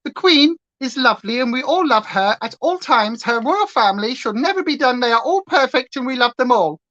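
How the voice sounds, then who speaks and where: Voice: high-pitched, lively intonation, fairly quick, a bit bright, no echo, pitched above the performer's own voice. A prim 1950s radio newsreader with a plummy, stiffly formal delivery, put on by a livestreamer for a laugh. The lines come out gushing and over-polite. The sound is a little dull and lo-fi. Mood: pompous.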